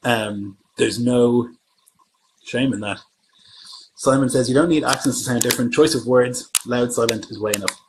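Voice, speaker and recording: A man's voice: mid-range voice, normal speed, background noise. A man from Germany who runs tabletop games, chatting casually on a livestream and thinking aloud as he answers viewer comments. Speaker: game master.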